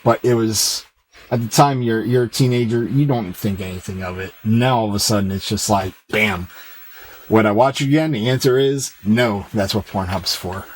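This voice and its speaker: Male streamer, 30s, lowish voice, loose rambling banter with chat over faint room ambience. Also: a little hiss or hum, rough recording. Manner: rambling, loose and joking, reads chat aloud. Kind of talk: casual chat with stream viewers while gaming.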